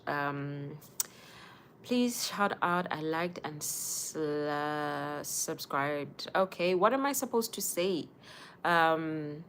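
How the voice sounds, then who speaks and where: Low-voiced woman, chatty livestream. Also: slight background noise. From Zimbabwe. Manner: chatty, warmly greets viewers by name. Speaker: livestream host. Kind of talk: casual livestream chat.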